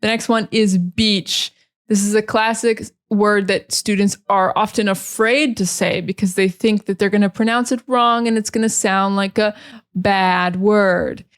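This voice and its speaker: Slow, careful American woman teacher. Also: medium pitch, steady tone, clear, resonant tone. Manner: drills words by repeating them slowly with heavy stress; friendly, laughs at her own slips. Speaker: English pronunciation teacher. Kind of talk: slow, clear teaching monologue.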